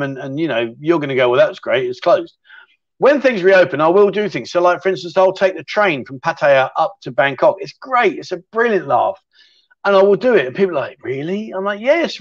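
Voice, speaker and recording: A man hosting a casual livestream chat show, reading out viewer questions and chatting with lots of fillers and restarts. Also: on the high side. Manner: chatty, repeats words, frequent fillers and self-restarts. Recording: slightly dull, lo-fi sound.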